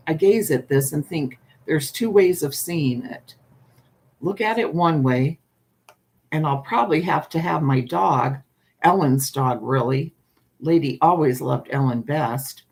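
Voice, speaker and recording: A woman reading a short story aloud at bedtime in a calm, unhurried way, then saying good night to her listeners. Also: sits low.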